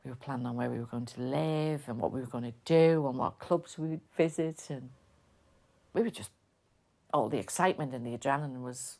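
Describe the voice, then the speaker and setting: An older woman, lively telling stories from her past in an interview. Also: a bass voice, fairly quick, creaky. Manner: lively storyteller, acts out quotes. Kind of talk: reminiscing interview.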